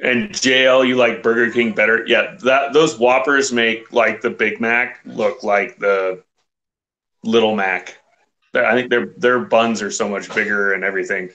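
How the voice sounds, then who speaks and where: A man's voice: fairly low pitch, steady tone, a little slow, sharp tone, muffled recording. A man in his thirties, a guest on a video call, laid-back and laughing easily. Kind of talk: casual chat on a video call.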